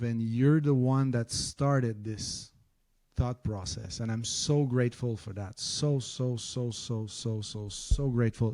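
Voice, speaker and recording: A man with a relaxed, dark-toned voice sits in as a podcast guest. He talks in a lively, unfiltered way, often repeating himself mid-thought and dropping a few swear words. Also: mid-range voice. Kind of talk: candid conversational storytelling.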